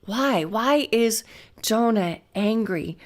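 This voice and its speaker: A woman's voice: a little high, lively intonation, takes it slowly. A middle-aged woman teaching a casual Bible study, thinking aloud, asking questions and laughing lightly. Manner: reflective, asks herself questions, laughs lightly.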